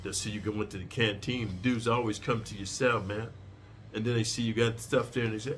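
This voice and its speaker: Forceful, profane prison storyteller man. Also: on the low side, fairly even intonation, a little fast, a little hiss or hum. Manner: profane, streetwise, lecturing. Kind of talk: casual storytelling.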